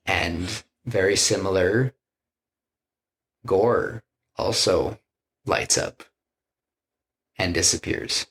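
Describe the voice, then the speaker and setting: This man speaks low and slow, pausing often. As a podcast co-host, he pitches a film by retelling it scene by scene, performing the quoted lines in a loose, rambling way with restarts and plenty of "you know" in this casual storytelling chat.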